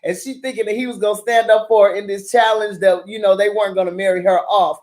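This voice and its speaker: A drama review vlogger talks fast in a medium-pitched voice, casually ranting about a TV drama as she recaps scenes. She's profane and animated, swearing freely and laughing often.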